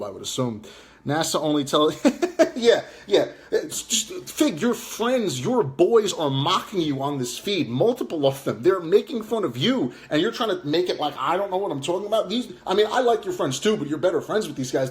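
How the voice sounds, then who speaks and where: A man livestreaming a combative rant, reading chat aloud and taunting viewers, swearing and jeering as he goes. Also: fairly high pitch. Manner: swears and jeers.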